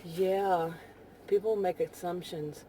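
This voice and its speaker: A woman with a Texan accent rambling casually in a vlog while driving, full of "you know" fillers and soft laughs. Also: on the low side, steady tone, takes it slowly, a little hiss or hum. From Texas. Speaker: vlogger.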